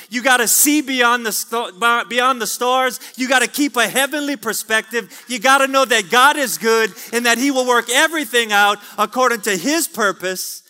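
Pastor guy preaching fired up, high voice, church hall echo. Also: sharp tone. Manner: fervent preaching with calls of amen. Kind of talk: sermon. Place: church sanctuary.

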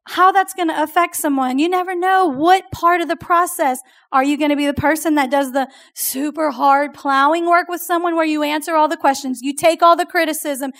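A woman preaching a sermon to a youth group, telling stories in a chatty, animated way. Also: very high-pitched. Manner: animated storytelling, chatty with "like" and "oh my gosh".

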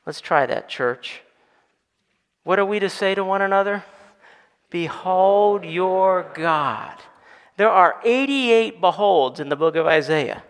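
Gravelly-voiced man preaching in a hall. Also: high voice, expressive, normal speed, a bit bright. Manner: building to emphatic call-and-response. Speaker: pastor. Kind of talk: sermon. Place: church sanctuary. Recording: long reverb of a church hall.

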